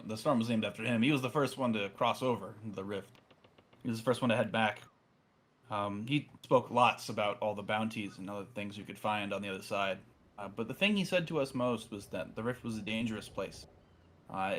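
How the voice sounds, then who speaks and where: A man's voice: on the low side, fairly bright tone. A man narrating as game master in a casual, hesitant way, with many fillers.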